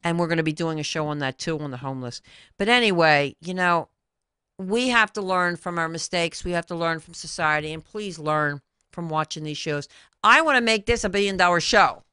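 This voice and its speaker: A woman's voice: lowish voice, fairly quick, sharp tone, clean tone, no echo, clean studio sound. A woman hosting a talk show, addressing viewers directly in an emphatic, repetitive way as a credit consultant.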